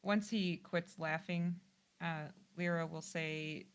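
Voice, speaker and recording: A woman playing a tabletop game, describing her character's actions in an animated way. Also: lowish voice, slow pace, clean tone. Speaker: player. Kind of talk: casual tabletop play narration.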